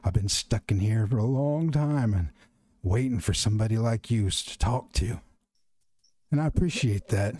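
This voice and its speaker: A man voicing an old woods spirit, slow and low. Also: dark tone, dry recording, natural voice. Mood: grave warning. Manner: slow, low, folksy, calls her honey. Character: spirit of an old man living in the woods, gentle but warning.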